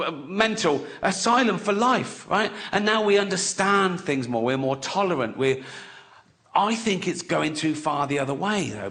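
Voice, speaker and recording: A man's voice: sits high, a bit bright. An English man performing a sardonic stand-up routine, acting out characters and often laughing at his own jokes. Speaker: stand-up comedian.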